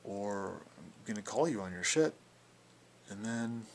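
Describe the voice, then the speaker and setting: A man's voice: lowish voice, lively intonation, unhurried, darkish tone, slight background noise. A young man talking casually in a video blog response, rambling and defiant, with plenty of filler words. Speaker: video blogger.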